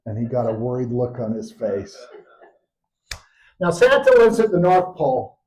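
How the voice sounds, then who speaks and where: An older man telling stories at a live show, lively and expressive, with a middling pitch for a man. He shifts his delivery to keep the story moving. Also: moderate pace, slight background noise, rough recording. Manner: animated, expressive narration.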